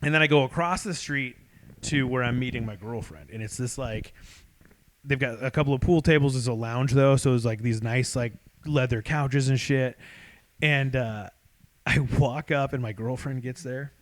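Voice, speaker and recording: A man's voice: medium pitch, moderate pace. A man co-hosting a podcast, telling a story in casual chat, swearing freely and laughing as he goes. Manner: swears a lot, laughs through his own story. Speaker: podcast co-host.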